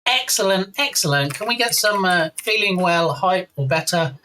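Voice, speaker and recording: A man's voice: sits high, animated, normal speed, bright, forceful tone, slight background noise, rough recording. Chatty English man streaming live. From England. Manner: chatty, reads out chat messages and thanks viewers. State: slight frog in throat. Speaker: game dev streamer. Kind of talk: casual live-stream chat.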